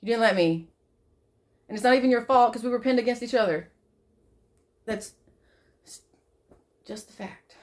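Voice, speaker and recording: A woman talking straight to camera in an emotional personal monologue, swearing often, repeating herself, and swinging from loud outbursts to soft, quiet pleading. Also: medium pitch. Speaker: vlogger.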